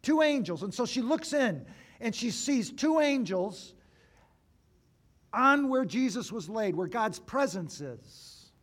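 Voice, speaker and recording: A man preaching an Easter sermon as a pastor, moving between raised, emphatic phrases and hushed, slow ones with deliberate pauses. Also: very high voice, big pitch swings. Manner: dramatic swings between loud and hushed.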